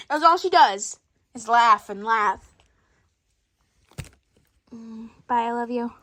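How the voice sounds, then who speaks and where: A woman performing an improvised skit, switching rapidly between many bickering characters in different voices. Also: a little high, animated, sharp tone, slight background noise. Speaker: storyteller voicing every character. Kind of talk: improvised doll-play skit.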